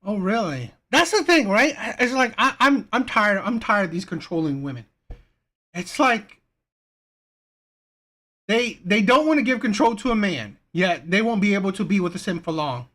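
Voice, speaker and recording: A woman's voice: medium pitch, very animated, normal speed, a bit bright. A woman hosting a reaction channel, giving exasperated, critical commentary with many false starts.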